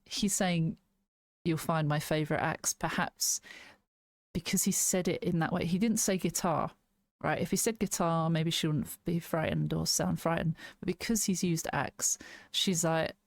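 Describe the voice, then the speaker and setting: A woman's voice: low voice, fairly even intonation, normal speed, gravelly, no room sound, studio quality. A woman casually reviewing an album, thinking aloud, restarting sentences and laughing now and then. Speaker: music reaction host.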